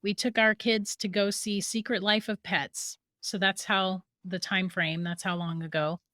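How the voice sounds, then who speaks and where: A woman as a podcast guest, telling a story in a lively way and laughing through it. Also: medium pitch, a little slow, no echo, studio quality.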